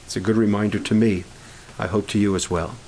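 A man leading a camp prayer meeting, speaking in an informal, halting sermon style with restarts and growing fervor. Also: lowish voice, steady tone, darkish tone, a little hiss or hum, low-quality recording.

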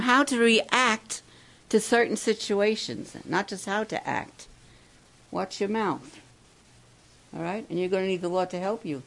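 Gravelly-voiced woman exhorting camp kids. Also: mid-range voice, low-quality recording. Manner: asks the crowd questions, slows to stress key words. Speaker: camp speaker. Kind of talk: devotional talk to campers.

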